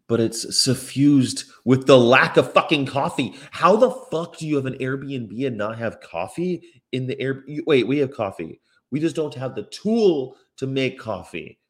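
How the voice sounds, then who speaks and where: A man from the North of England, a vegan activist vlogger, reading news aloud and reacting with profane exasperation in a rented apartment room. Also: medium pitch. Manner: profane, exasperated, swings between loud outbursts and muttering. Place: indoor rental apartment room with a window view.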